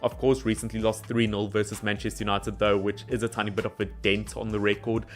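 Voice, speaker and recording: A young man talking through football predictions in a casual solo vlog, animated, and speaking straight to the teams as he goes. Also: on the low side, a little fast, faint music behind. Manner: animated, addresses teams directly.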